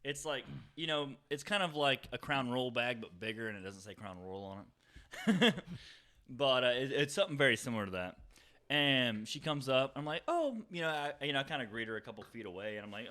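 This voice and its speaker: Young guy, bright edgy tone, profane rambling storyteller for a loose podcast chat. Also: mid-range voice, lively intonation, a little fast. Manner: rambling, profane, laughs often. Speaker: podcast co-host.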